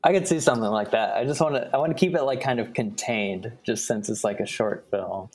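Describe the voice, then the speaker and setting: A young man co-hosting a podcast, thinking aloud in a relaxed, casual way. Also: mid-range voice, a little fast, a little hiss or hum. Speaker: podcast co-host. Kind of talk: casual brainstorming chat.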